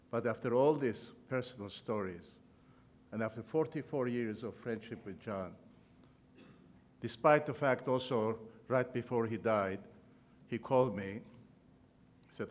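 Older guy, non-native accent, telling funny stories at a memorial, chuckles a lot, mid-pitched voice, podium mic. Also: measured pace, pauses often. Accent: non-native English accent. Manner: humorous, chuckling storyteller, slightly non-native grammar. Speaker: memorial speaker, former professor and trustee. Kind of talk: eulogy of personal anecdotes. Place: large ballroom at a podium.

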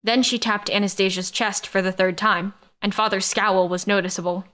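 A woman narrating a science-fiction romance audiobook in the first person, with steady, even storytelling. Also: mid-range voice, normal speed.

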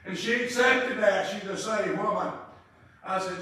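An older man preaching a revival-style funeral sermon in a funeral home chapel, halting and full of filler sounds, breaking into loud praise. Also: high-pitched. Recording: echoey room, distant mic.

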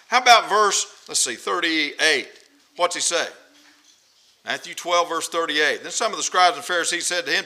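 A man's voice: fairly high pitch, animated, normal speed, pushed and bright, poor audio. A man preaching a sermon, emphatic and repetitive, who presses his points with rhetorical questions. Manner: emphatic, repeats phrases, asks rhetorical questions.

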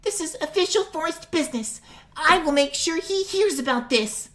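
Squeaky little fairy girl, super high and shrill, bossy and appalled. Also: lively intonation, normal speed, a bit bright. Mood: indignant. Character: tiny shrill indignant female fairy.

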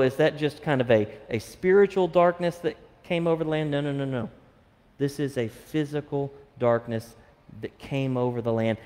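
A man's voice: mid-range voice, darkish tone. A man preaching a sermon as pastor, reading scripture and explaining it with fillers and restarts. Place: church sanctuary. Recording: long church hall reverb.

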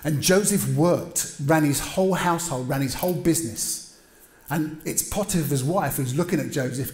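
Lively middle-aged preacher, high voice. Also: male voice, moderate pace. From England. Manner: lively storytelling with humor. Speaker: pastor. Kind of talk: sermon. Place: large church hall. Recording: roomy church hall.

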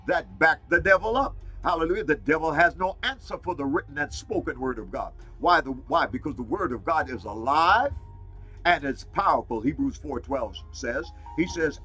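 Fired-up male preacher, bright and husky, keeps shouting out praise between points; faint music underneath. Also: fairly high pitch, expressive, moderate pace, low-quality recording. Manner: exclaims "Glory to God" and "Hallelujah" often; fired up, repeats phrases for emphasis. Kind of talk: fiery Pentecostal sermon.

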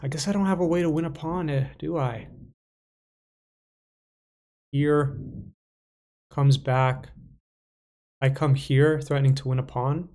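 A man's voice: a little high, steady tone, measured pace, pauses often, darkish tone. A young man casually thinking aloud while playing online chess, muttering to himself with playful asides. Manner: casual, self-talking, playful asides and mumbles. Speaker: chess streamer.

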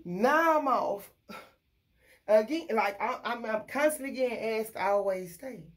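Blunt, profane woman venting. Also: a little high. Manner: blunt, profane, venting about her fast-food job. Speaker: vlogger. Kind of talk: casual rant to camera.

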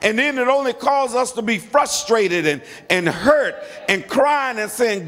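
In a church with a long hall reverb, a middle-aged pastor with a high, fairly bright voice preaches expressively at a moderate pace. He hammers points home by repeating phrases and urging the congregation to answer back.

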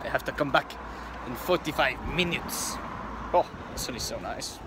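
A young man, chatting casually in a vlog around his house and garden, excitable and swearing freely. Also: medium pitch, normal speed, music in the background. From England. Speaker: vlogger.

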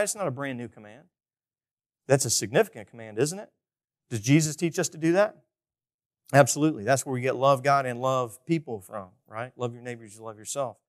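A male pastor preaching a conversational sermon, often asking the congregation questions and swinging between loud emphasis and quiet asides. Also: medium pitch.

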